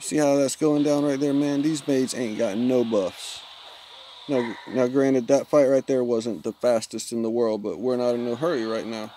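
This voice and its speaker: A man's voice: mid-range voice, steady tone, moderate pace, dark tone, a little hiss or hum. A man, chatting casually with viewers while streaming a mobile game. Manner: laid-back, chatty, self-teasing. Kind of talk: casual live-stream chat.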